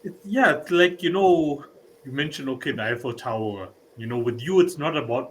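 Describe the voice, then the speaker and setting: A man's voice: mid-range voice, lively intonation, moderate pace, fairly bright tone, slight background noise, low-quality recording. A man hosting a podcast, talking loosely and conversationally with frequent "you know"s. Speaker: podcast host. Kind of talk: casual interview chat.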